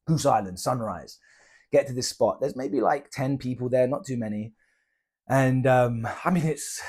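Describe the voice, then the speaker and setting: Young British man, casual slangy storyteller, vlog voice. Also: medium pitch. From Britain. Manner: chatty, slangy, animated retelling with quoted dialogue. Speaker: travel vlogger.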